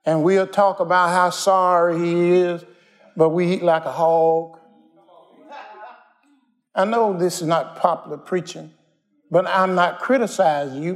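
A pastor preaches in a folksy, down-to-earth way, slipping into casual slang and pausing to ask the congregation to answer him. His voice sits a little higher than most men's. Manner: folksy, call-and-response preaching; plainspoken storytelling with everyday slang. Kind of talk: sermon.

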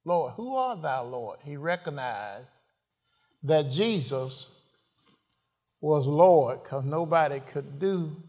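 A man preaching in a slow, deliberate sermon, his voice sitting a little high for a man. He leans on rhetorical questions and swells into sudden emphatic phrases. A long reverb trails each line, like a large church hall. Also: expressive, darkish tone.

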